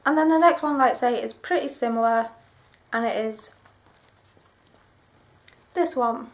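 A young woman with a fairly high voice talks through her shopping haul. She gushes over each find and rambles on in a chatty, excitable way. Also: a little slow. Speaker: vlogger. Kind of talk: clothing haul vlog.

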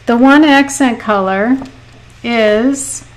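Slow, chatty woman teaching watercolor live. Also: a little high, poor audio. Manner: chatty, laughs often, reads viewer comments aloud. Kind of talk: live painting lesson with chat.

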